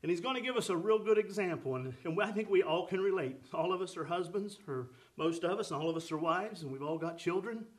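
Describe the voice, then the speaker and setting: A man with a fairly high voice preaching with fervent energy. He calls out questions and affirmations to his congregation as he drives his sermon along. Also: lively intonation, quick pace, hardly any pauses.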